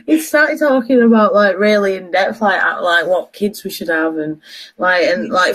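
A woman's voice: medium pitch, expressive, normal speed, fairly bright tone. A young woman in her twenties, co-hosting a casual chat show and telling stories while laughing often. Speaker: podcast co-host.

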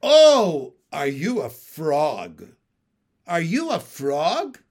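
A man's voice: fairly high pitch, sing-song, slow pace, exaggerated voice. A man reading a storybook aloud and voicing a patient, bossy female pond frog who lectures in a teacherly way.

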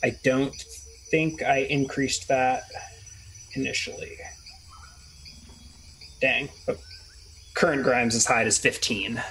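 A man's voice: medium pitch, fairly even intonation, slow pace, long pauses, pushed and bright, a little hiss or hum, rough recording. A man playing a tabletop role-playing game, chatty and thinking aloud with many restarts. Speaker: player. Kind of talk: casual tabletop game play.

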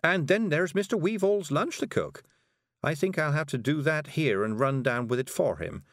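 A man reads aloud, voicing a fussy, kindly, busy middle-aged witch, pitching his voice above his own while staying close to an everyday sound. It sits on the high side at a moderate pace, with studio quality and no room sound.

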